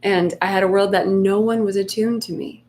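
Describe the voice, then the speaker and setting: A woman giving a soft, unhurried talk on a live meditation stream, reassuring her listeners and sometimes dropping almost to a whisper. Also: mid-range voice, steady tone, slight background noise. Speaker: meditation coach.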